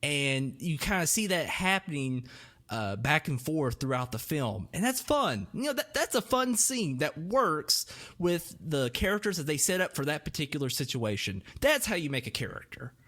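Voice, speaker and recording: A man's voice: fairly high pitch, very animated, moderate pace, pushed and bright. A man co-hosting a movie review podcast, joking around and rambling until he loses his train of thought. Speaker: podcast co-host. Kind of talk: casual movie review chat.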